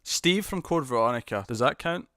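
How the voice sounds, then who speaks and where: A man's voice: medium pitch, expressive, moderate pace, a bit bright, no echo, clean studio sound. A British man hosting a live stream, chatting casually through viewer comments in a rambling, hesitant way, often restarting and chuckling.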